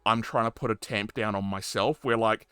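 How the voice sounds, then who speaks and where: Bright-voiced man, animated stream host. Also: on the low side, moderate pace, clear, resonant tone, dry recording. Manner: animated storyteller, acts out quotes, laughs often. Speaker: stream host interviewing a guest. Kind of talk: casual chat on a live stream.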